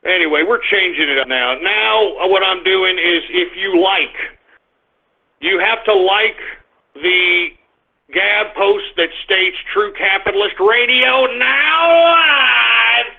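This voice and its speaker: Brief: male streamer-host, crude and belligerent, erupts into shouting tirades, high voice, phone-thin audio. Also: slow pace, vocal fry, narrow, tinny audio. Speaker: internet radio host. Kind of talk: live streamed radio rant.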